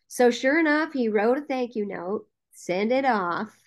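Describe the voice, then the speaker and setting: A woman guest on a podcast interview, a casting director and producer telling a story in a lively way with frequent "um" fillers. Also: a little high, normal speed, few pauses.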